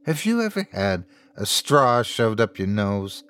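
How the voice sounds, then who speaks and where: A man's voice: fairly low pitch, big pitch swings, unhurried, clear, resonant tone. A man doing a snippy, impatient young woman. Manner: sharp, complaining, dismissive.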